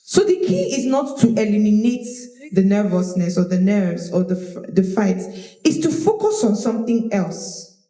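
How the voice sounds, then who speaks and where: A woman teaching public speaking to a live audience, animated and demonstrative, often repeating her words. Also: medium pitch, moderate pace. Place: large room with audience. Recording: roomy echo of a hall.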